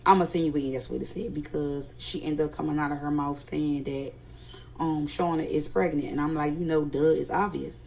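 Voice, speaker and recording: A woman's voice: low voice, fairly even intonation, normal speed, creaky, a little mellow, low-quality recording. A woman with a Philadelphia accent telling a family story in a casual storytime, animatedly quoting others and growing indignant. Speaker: storyteller recounting family drama.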